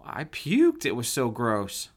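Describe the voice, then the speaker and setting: A man voicing an excitable young male friend who talks loud and fast in an audiobook. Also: mid-range voice, exaggerated voice. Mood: excited.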